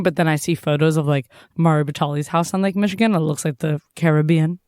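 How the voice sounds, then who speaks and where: A man's voice: on the high side, steady tone, fast, darkish tone, clear, resonant tone, no echo, clean studio sound. A man co-hosting a podcast in casual chat, rambling with lots of fillers and laughing often. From Massachusetts. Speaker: podcast co-host.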